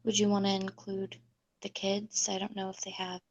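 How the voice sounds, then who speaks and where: A woman player in a tabletop role-playing game, speaking earnestly and softly in character. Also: mid-range voice, completely flat delivery, moderate pace, muffled recording.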